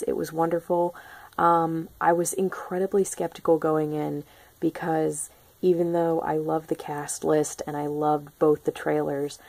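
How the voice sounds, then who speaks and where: Low gravelly-voiced woman gushing about a film. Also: warm tone, dry recording. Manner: chatty and gushing, many ums and restarts. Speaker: book and film vlogger. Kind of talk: casual spoiler-free film review.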